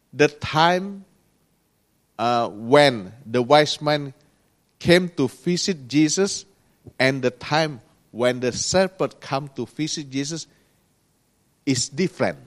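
Slow, earnest man preaching a sermon. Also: on the high side. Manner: slow, earnest preaching with pauses and rising emphasis; non-native grammar.

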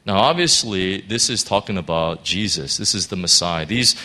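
A man's voice: deep voice, normal speed, pushed and bright. A man giving an informal Bible teaching, earnest, reading scripture aloud and often restarting his sentences. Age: adult parent of a school-age child.

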